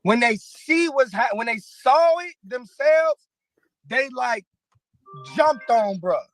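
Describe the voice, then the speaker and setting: Very high-voiced man telling a rambling story. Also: expressive, a bit bright, faint music behind, low-quality recording. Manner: halting, rambling, many fillers and restarts. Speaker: battle rapper in interview clip. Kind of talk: interview storytelling.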